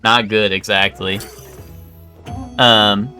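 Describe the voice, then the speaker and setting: A man's voice: lowish voice, steady tone, drawn-out words, pushed and bright, faint music behind. A young man streaming a game live, rambling and joking with crude banter to his chat. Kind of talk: casual live gameplay chat.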